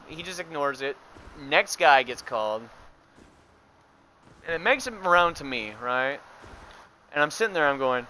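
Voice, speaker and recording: A man's voice: a little high, pushed and bright, slight background noise. A young man telling a long story while he streams a game, swearing often and laughing. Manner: profane, laughing, full of fillers. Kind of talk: casual rambling storytelling while gaming.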